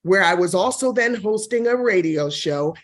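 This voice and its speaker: A woman in her forties, a real estate broker and TV host, telling her career story in an interview, expressive and quick to laugh. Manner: expressive, laughs often, shifts pitch when quoting others. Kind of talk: interview answer, personal story.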